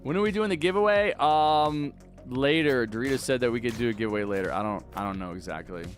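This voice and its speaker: A man's voice: mid-range voice, fast talker, soft background music. A young man streaming a game at home, talking casually into a desk mic and arguing back at his chat with rambling restarts. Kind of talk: live-stream chat while gaming.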